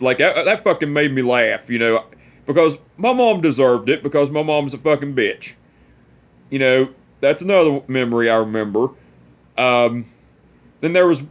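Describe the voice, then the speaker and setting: Swearing young man with a higher voice. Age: 20s. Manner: rambling, heavy swearing, many restarts. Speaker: vlogger. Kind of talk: casual storytelling to camera.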